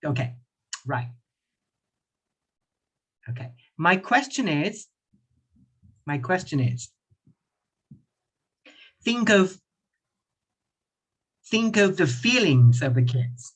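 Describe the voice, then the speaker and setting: Husky man teaching English, lively. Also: high-pitched. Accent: British English. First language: Thai. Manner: playful, repeats questions slowly, chuckles often. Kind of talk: online class teaching. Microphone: computer mic on a video call.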